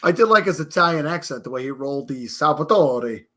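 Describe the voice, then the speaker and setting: A man hosting a podcast, chatting casually with relaxed, joking banter. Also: a little high, a little fast, crowd noise. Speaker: podcast host. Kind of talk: casual chat.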